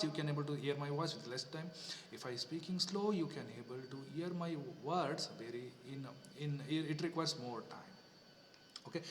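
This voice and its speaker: A man's voice: on the high side, bright, forceful tone, roomy sound, big-room sound, far from the mic, a little hiss or hum. A man giving a classroom lecture. He explains step by step, repeats himself and says "okay" often.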